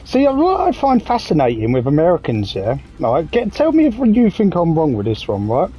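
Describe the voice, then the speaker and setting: A man's voice: a little high, huge pitch swings, normal speed, warm tone, breathy edge, faint music behind, rough recording. A man in his thirties with an English accent, chatting in a rambling, jokey way while streaming a game and swearing casually. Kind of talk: casual gaming commentary.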